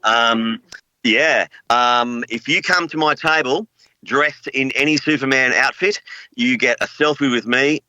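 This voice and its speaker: A man's voice: medium pitch, measured pace, bright, forceful tone, no room sound, rough recording. Earnest rambling Australian man. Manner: rambling, filler-heavy, earnest. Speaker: voice actor guest. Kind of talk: casual interview chat.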